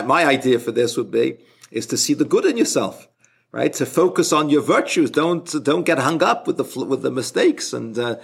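A man giving an informal spoken religious lesson as a rabbi, halting and often restarting his sentences. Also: medium pitch, vocal fry, slightly rough. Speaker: rabbi teaching a class.

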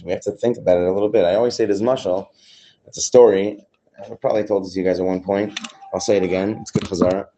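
A man's voice: on the low side, darkish tone, slight background noise, low-quality recording. A man teaching a Torah class to a group of men. He reads Hebrew phrases and translates them line by line, tells stories, and repeats his key points. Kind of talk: Torah class with a told story.

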